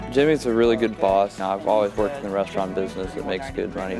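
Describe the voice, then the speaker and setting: A teenage high school boy speaking casually in a profile interview, relaxed and modest. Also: fast talker, creaky, hardly any pauses, over music. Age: teens.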